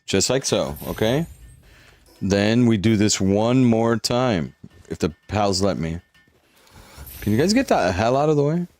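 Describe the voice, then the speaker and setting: A man's voice: fairly low pitch, expressive, unhurried, pauses often, a little mellow, no echo. A young man on a live stream, chatting casually with viewers and walking them through a game, swearing now and then as he hypes them up.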